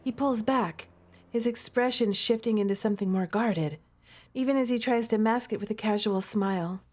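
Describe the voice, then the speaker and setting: Speaking at a moderate pace in a voice on the high side, a woman streamer reads lines from a romance game. She plays up her reactions with dramatic, playful exaggeration.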